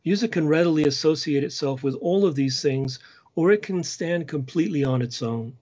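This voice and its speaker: A man giving a lecture on church music, measured and explanatory, singing short chant phrases as examples. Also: a little high, a little mellow, dull audio.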